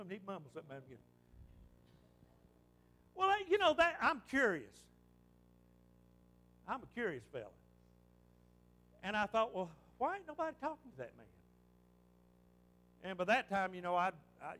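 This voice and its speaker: A man from western North Carolina, with a Southern Appalachian accent, preaches a folksy, story-driven sermon in church. His voice is high and fairly bright.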